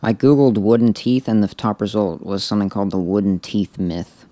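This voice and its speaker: A man co-hosting a podcast, reading a story aloud in a deadpan way with joking asides. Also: on the low side, fairly quick, no room sound. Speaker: podcast co-host.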